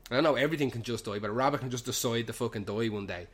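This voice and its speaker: A man's voice: medium pitch, racing. Swearing young Irish man telling a story. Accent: Irish, Dublin slang. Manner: heavy swearing, loose run-on storytelling. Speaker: podcast host. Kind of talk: rambling comic anecdote. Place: pub.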